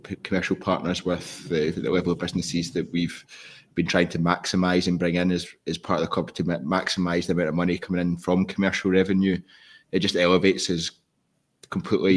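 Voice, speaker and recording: A man hosting a football podcast, steering the chat with casual restarts and hesitations. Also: sits low. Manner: steady, leads discussion with restarts. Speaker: podcast host.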